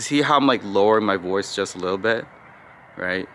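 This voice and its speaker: Guy explaining sales call tricks, low-ish but bright voice, kinda flat and slow, says right? a lot, bit of background noise. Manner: calls his own default voice flat and slow, demonstrates tones; frequent "right?" and "you know" fillers. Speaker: sales coach. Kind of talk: casual spoken tutorial.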